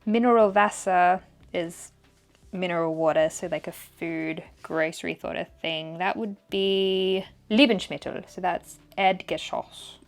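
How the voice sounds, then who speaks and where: A young woman vlogging as she takes a language test, thinking aloud and sounding out foreign words slowly. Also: fairly low pitch, soft background music. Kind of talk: casual vlog commentary.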